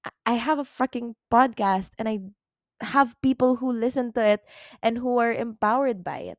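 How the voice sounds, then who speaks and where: A woman's voice: on the high side, fairly even intonation, moderate pace, no room sound, clean studio sound. A young woman hosting her own podcast, talking candidly and emotionally to her listeners, swearing casually. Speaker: podcast host. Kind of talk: personal podcast monologue.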